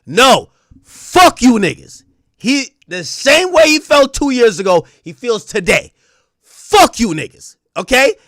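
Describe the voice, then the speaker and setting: A man's voice: very high voice, sing-song, measured pace, a bit bright, no echo, studio quality. A man hosting a stream, giving heated, casual commentary in an emphatic, slangy way and laughing often. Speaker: streamer host.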